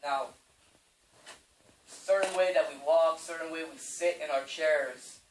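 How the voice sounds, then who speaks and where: A man's voice: on the high side, fairly even intonation, measured pace. A man leading a casual sales training seminar, speaking directly and often repeating himself. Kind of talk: informal training seminar talk. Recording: echoey room from a distance, faint noise.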